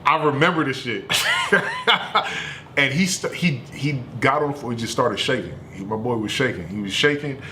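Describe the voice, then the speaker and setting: Man, streamer, casual storytelling, bright tone, animated, profane. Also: medium pitch, normal speed, a little hiss or hum. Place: home streaming setup.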